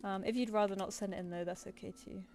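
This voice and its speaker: A woman's voice: mid-range voice, steady tone, fast talker, darkish tone, slight background noise. A woman with a British accent chatting casually with viewers while she works on a live stream, rambling with lots of fillers. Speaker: streaming artist.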